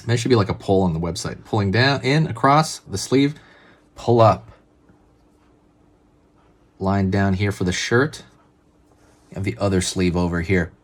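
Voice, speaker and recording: A man's voice: sits low, unhurried, pauses often. Laid-back man narrating his drawing strokes. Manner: relaxed, chatty, narrates each pen stroke. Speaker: drawing tutorial host. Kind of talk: casual step-by-step drawing instruction.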